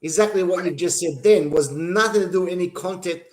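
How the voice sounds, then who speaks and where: A man's voice: sits high, a little fast. An Australian man in a heated casual debate, earnest, stammering through restarts and swearing freely. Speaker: podcast panelist. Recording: echoey room.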